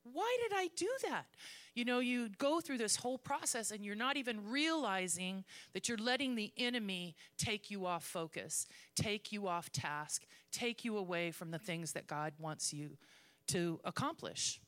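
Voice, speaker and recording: A woman's voice: mid-range voice, normal speed, a bit bright, clean tone. A woman preaching a conversational, self-mocking sermon in church and reading scripture aloud. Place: church sanctuary.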